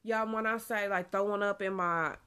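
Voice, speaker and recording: A woman's voice: mid-range voice, steady tone, normal speed, sharp tone, smooth. A young woman, chatting casually in a pregnancy vlog, a bit out of breath, laughing often. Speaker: vlogger.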